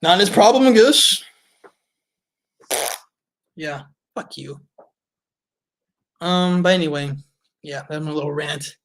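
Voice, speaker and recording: A man with a slightly higher voice than most reviews a movie in a loose, off-the-cuff way. He is blunt and exasperated and swears freely as he picks the film apart. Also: animated, normal speed, a bit bright. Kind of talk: casual ranting film review.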